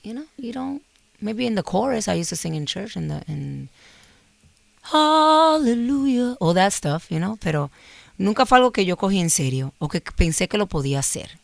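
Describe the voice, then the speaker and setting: A New York woman in her forties chats as an interview guest, her voice gravelly with a touch of fry. She moves easily between English and Spanish with animated energy. The sound is close and dry, with no room around it. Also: fairly low pitch, fast talker, no room sound. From New York City. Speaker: guest actress. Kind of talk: casual interview chat.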